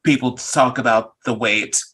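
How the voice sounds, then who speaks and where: A participant on a video call asking careful follow-up questions, wanting things very clear. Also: mid-range voice, fairly even intonation, a little slow, a bit bright.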